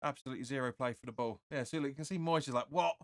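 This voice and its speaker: A man hosting a fan watch-along, giving live match commentary and reading viewer comments. He is excitable and opinionated, and keeps insisting "sorry, but no.". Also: mid-range voice, rapid-fire, dry recording, clean studio sound.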